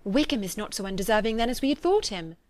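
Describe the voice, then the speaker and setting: A gentle, hopeful young woman, voiced by a female reader speaks softly and earnestly. Her mid-range voice is heard up close in a dry room. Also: mid-range voice, lively intonation, fast talker, no echo, close to an everyday voice. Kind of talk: audiobook reading of a classic novel.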